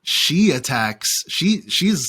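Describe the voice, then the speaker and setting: A man's voice: fairly high pitch, very animated, slow pace, pushed and bright, slightly rough. Man casually recapping a show episode. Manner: recaps plot with frequent fillers and playful quotes. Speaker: podcast host. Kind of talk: casual fan podcast chat recapping an episode.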